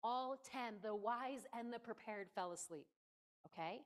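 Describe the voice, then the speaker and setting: A woman's voice: on the high side, measured pace. A woman preaching a conversational sermon in a church, playful and emphatic, often stopping to speak directly to her listeners.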